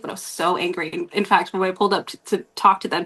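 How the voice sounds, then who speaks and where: Casting: woman, guest host on a podcast, mid-pitched, chatty and rambling storyteller who laughs often. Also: fast talker, fairly bright tone.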